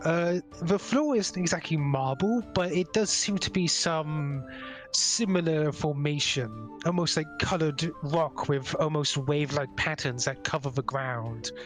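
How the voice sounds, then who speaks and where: A game master narrating a tabletop sci-fi adventure in a relaxed, descriptive way, with frequent fillers. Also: medium pitch, measured pace, faint music behind.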